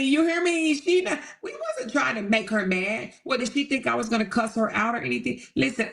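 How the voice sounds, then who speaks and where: A sassy livestream host from Southeast Washington, DC, speaks in a gravelly, medium-pitched voice. She delivers unfiltered gossip commentary to a live chat, profane and addressing viewers directly.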